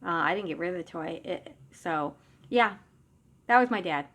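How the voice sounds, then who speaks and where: A woman's voice: on the low side, lively intonation, moderate pace, fairly bright tone. A middle-aged woman and psychic medium telling a personal story in a casual, conversational way, often restarting sentences and trailing off into asides.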